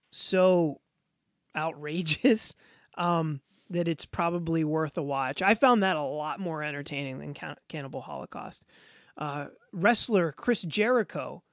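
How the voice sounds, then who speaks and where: High-voiced man rambling in casual chat. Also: no room sound, clean studio sound. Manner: rambling, lots of fillers. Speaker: podcast co-host.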